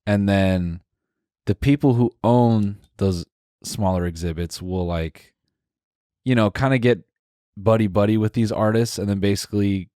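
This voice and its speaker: A man's voice: lowish voice, unhurried, warm tone, dry recording, clean studio sound. A young man co-hosting a casual podcast, rambling and hesitant with many fillers as he works through an idea. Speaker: podcast co-host.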